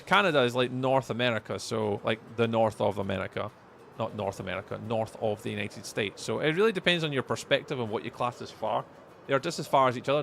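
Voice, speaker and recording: A man's voice: medium pitch, gravelly, fairly bright tone, slight background noise. A man with a Scottish accent giving chatty live gameplay commentary as a streamer, answering viewers' chat messages aloud. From Scotland. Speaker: livestreamer.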